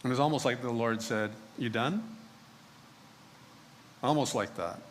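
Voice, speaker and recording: A man preaching a dramatic first-person sermon, speaking in character as the prophet and swinging from hushed pleading to loud, exasperated ranting. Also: mid-range voice, fast, slight background noise.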